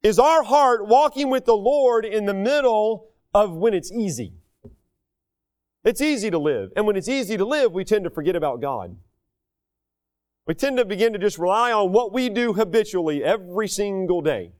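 A middle-aged American man preaching a sermon in a folksy, animated way, raising his voice for quoted speech. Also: sits high, normal speed. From United States.

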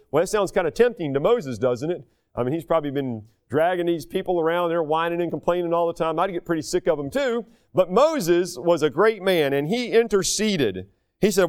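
A middle-aged American man preaching a sermon in a folksy, animated way, raising his voice for quoted speech. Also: high voice, brisk. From United States.

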